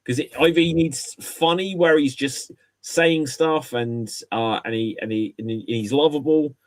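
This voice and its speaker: A man talking casually on a podcast, and his voice sits at a middling pitch. He rambles and restarts as he shares strong opinions. His voice comes through a video call mic. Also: a little slow. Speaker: podcast co-host. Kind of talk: casual chat.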